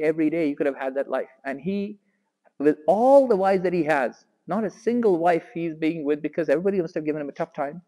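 Man preaching fast to a crowd, gets loud when quoting people, long echo from the big hall. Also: fairly high pitch. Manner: animated, raises voice sharply when quoting figures. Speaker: lecturer. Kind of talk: storytelling religious lecture.

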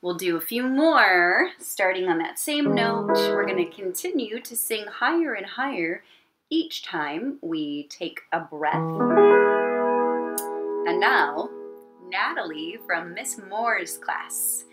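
A woman teaching an online elementary music class at her computer, talking slowly and gently and singing warm-ups. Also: mid-range voice, expressive. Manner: gentle, encouraging, slow and clear, sings warm-ups. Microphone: computer mic. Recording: piano playing along.

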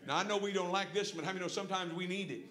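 A middle-aged man preaching a folksy sermon with personal stories, swinging from hushed asides to shouted praise. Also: sits high, racing. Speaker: pastor. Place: church sanctuary. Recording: echoey church room. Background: congregation calling out responses.

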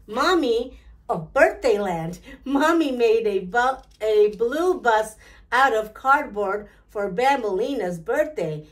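A woman reading a children's picture book aloud in a slow, clear, deliberate way. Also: a little high, animated. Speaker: storytime reader.

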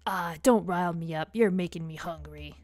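A woman voicing a gloomy, slow-talking emo teenage brother in a game, her voice lowered. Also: a little mellow, dry recording, clean studio sound, close to an everyday voice. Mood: deadpan.

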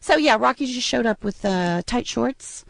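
A woman hosting a casual late-night radio show, rambling and chatty, animated when she tells a story. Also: a little high, normal speed, gravelly, a crowd in the background. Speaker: radio DJ host.

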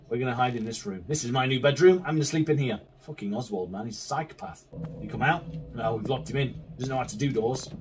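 A man's voice: medium pitch, slight background noise. A man commentating a horror game as he plays, swearing constantly and arguing back at it in an agitated way. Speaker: gaming video creator. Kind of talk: let's play commentary. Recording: distant mic with faint game music.

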